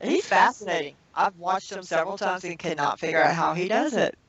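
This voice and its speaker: A woman co-host drops short, reactive remarks into a casual chat, her voice gravelly and her delivery very slow. She sounds distant and roomy, the audio dull and muffled. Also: on the low side, expressive, fairly bright tone. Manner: brief reactive interjections and laughter. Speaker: radio co-host. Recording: echoey, distant, muffled internet radio audio.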